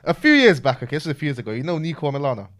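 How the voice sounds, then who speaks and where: A man hosting a podcast, reacting briefly and steering the chat in a lively, expressive way. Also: on the high side, racing, a crowd in the background. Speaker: podcast host. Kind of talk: casual chat.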